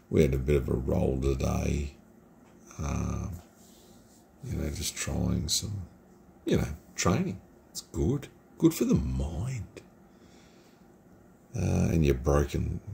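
A middle-aged man from Australia rambles through a casual beer review in his home computer room. His voice sits very low and carries a gravelly edge. He speaks slowly, and a faint hiss runs under the recording. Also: darkish tone. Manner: rambling, chatty and informal.

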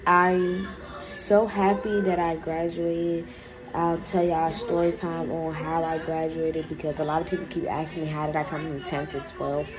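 A woman's voice: low voice, little pitch movement, normal speed, crowd noise, poor audio. A young woman in her late teens chatting casually and emotionally to her viewers in a vlog. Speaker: vlogger.

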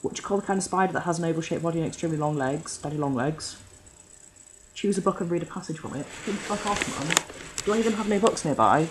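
Young guy from yorkshire rambling and swearing thru a home vlog, voice sits a bit high. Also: fast talker, poor audio. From Yorkshire, England. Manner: rambling, sweary, self-deprecating. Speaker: vlogger. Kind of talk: casual solo vlog, answering a questionnaire.

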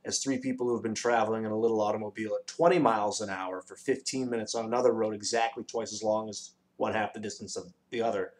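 A man voicing a pedantic, number-obsessed male dodecahedron in a storybook reading, lecturing precisely and bursting into shouts. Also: fairly low pitch, fairly even intonation, fast, few pauses, close to an everyday voice. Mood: excitable, lecturing.

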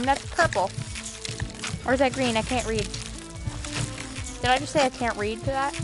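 A woman streaming a game, chatting casually in a playful, whiny way, swearing and laughing often. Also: a little high. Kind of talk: casual gaming stream chat.

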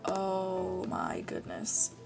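A young woman hosting a casual unboxing vlog, gushing and excitable, gasping and saying "like" a lot. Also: on the low side, very slow, gravelly, music in the background. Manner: gushing and excitable, with gasps and many "like"s. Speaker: channel host.

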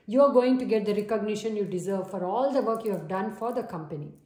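A woman reads tarot cards for her viewers in an earnest, coaxing way. She keeps checking in with a soft "okay?" Her voice is mellow and warm, and it is recorded in a roomy space with a clear echo. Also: medium pitch, fast talker. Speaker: tarot reader. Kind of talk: tarot reading to camera.

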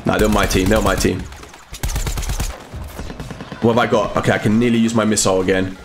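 A man giving excitable live commentary while streaming a game, often shouting and exclaiming. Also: on the low side, a little fast, background noise. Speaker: gaming streamer.

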